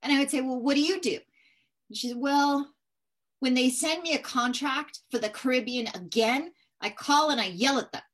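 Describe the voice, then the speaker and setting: A woman guest in an interview telling a story in a casual way, animated and acting out the dialogue in it. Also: high voice, normal speed. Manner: animated, persistent, acts out dialogue.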